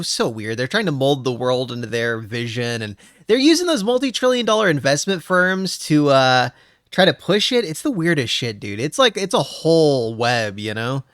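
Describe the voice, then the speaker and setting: A man chatting on a casual podcast as a guest, brash and animated, often breaking into laughter. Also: fairly high pitch, normal speed, no room sound, clean studio sound. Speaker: VTuber streamer, podcast guest.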